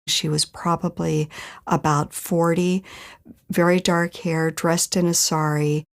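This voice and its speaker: A woman's voice: fairly low pitch, level tone, slow pace. A middle-aged woman earnestly recounting a personal ordeal, acting out the people she met as she tells it. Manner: earnest, emotional retelling with quoted dialogue. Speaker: interviewee recounting her story. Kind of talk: personal storytelling.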